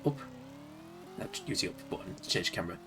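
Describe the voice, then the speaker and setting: A man's voice: mid-range voice, huge pitch swings, fast, noisy background. A man from Leeds with a Yorkshire accent, rambling and chuckling to himself as he plays and streams old games. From Leeds, England. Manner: rambling, chuckling, talks to himself while playing. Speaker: game streamer. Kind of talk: casual live-stream commentary.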